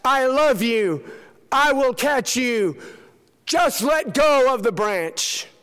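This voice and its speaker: A man voicing the voice of God from heaven, gentle and reassuring, in a hall with a long reverb. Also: very high-pitched, expressive, slow, smooth, pitched above the performer's own voice, heavily acted. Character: calm, loving voice of God from heaven.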